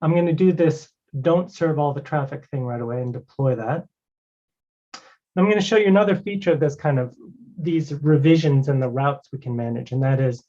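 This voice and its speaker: A man walking through a live technical demo as a guest presenter, talking casually and filling pauses with "you know" and "right". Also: mid-range voice, dark tone. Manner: conversational, many fillers like "you know" and "right". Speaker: guest presenter demoing a cloud product. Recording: dull lo-fi stream audio.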